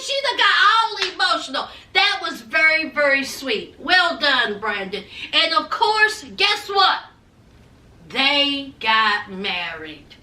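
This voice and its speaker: Sassy, very high-voiced woman gossiping. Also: far from the mic. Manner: sassy and animated, calls viewers honey and child. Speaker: reality TV recap vlogger. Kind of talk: casual gossipy recap. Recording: echoey room, away from mic.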